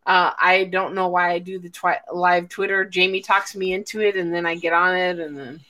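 A woman's voice: on the low side, level tone, moderate pace, sharp tone. A woman hosting a casual livestream chat with friends, talking freely, swearing and laughing often. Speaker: podcast host.

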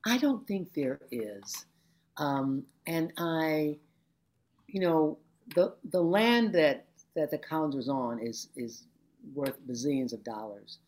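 An older woman with a notably low voice reflects on her teaching years in an interview. She tells stories with animation and slips into the voices of the people she quotes. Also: animated, slow, darkish tone. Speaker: interviewee, former labor educator. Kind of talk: reflective oral-history interview.

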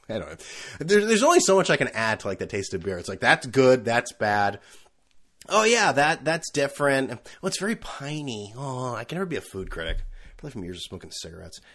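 A man's voice: medium pitch, big pitch swings, brisk, fairly bright tone. A man hosting his own podcast, talking alone in a rambling, profane and sarcastic way. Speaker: podcast host. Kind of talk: casual solo chat.

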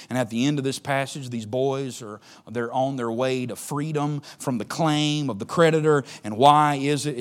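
A male pastor preaching a sermon. He calls out to the congregation and swings from quiet, low passages to loud, shouted exhortation.

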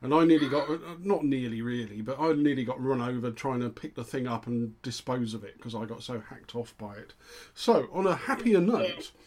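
A man's voice: mid-range voice, steady tone, brisk, few pauses, a little mellow. A middle-aged man co-hosting a local podcast, dry and self-deprecating in his jokes. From England. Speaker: co-host. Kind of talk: casual chat.

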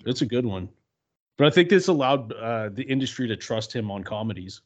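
A man's voice: mid-range voice, brisk, lo-fi sound. Laid-back man agreeing, calling people dude. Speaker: podcast co-host. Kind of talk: casual movie discussion.

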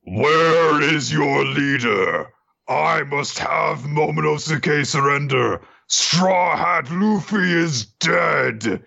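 A cruel dragon pirate lord, put on by a man retelling a cartoon lays down slow, gloating threats in a voice pushed well above his usual pitch. The sound is dull and lo-fi. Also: vocal fry, sharp tone, exaggerated voice. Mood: commanding.

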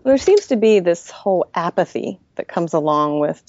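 A woman with a fairly low voice chats on a podcast panel, quick to laugh. The sound is dull and lo-fi, in a dry room. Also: lively intonation, a little mellow, dry recording.

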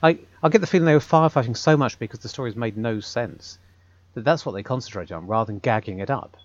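A man's voice: medium pitch, fast, no echo, dull audio. A man speaking casually on a podcast, articulate and wry, building long flowing sentences. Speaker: podcast co-host, audio drama writer.

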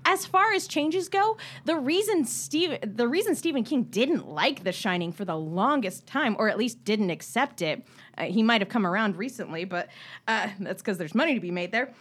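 A woman with a high, bright-pitched voice debates on a casual podcast, pushing her points with animated energy. Her speech leaps up and down in pitch, and laughter is never far off. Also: breathy edge. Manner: animated and quick to laugh, argumentative.

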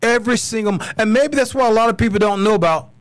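Man, American accent, podcast host, angry rant, blunt, swearing, higher voice, dry sound. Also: quick pace, smooth, dry recording. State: furious. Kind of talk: solo political podcast rant.

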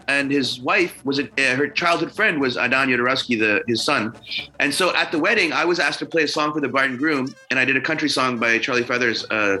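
A man's voice: mid-range voice, sharp tone, low-quality recording. A man, a musician guest, telling a long story in casual conversation, rambling with many fillers and swearing freely.

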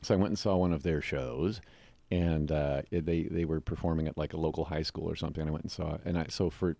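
A man's voice: a bass voice, quick pace, vocal fry, no echo. A middle-aged man from the United States, a guest actor, telling stories in a casual interview and acting out the voices he quotes. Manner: animated, acts out quoted voices.

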